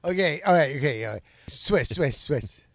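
A man co-hosting casual comedic banter who eagerly pitches requests, often stammering and restarting as he goes. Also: animated, moderate pace, vocal fry, dry recording, clean studio sound.

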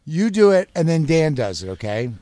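Pushy guy egging people on in a comedy bit, kinda high voice, dry. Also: big pitch swings, moderate pace, dark tone, no room sound. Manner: pushy and coaxing. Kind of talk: comedy sketch banter.

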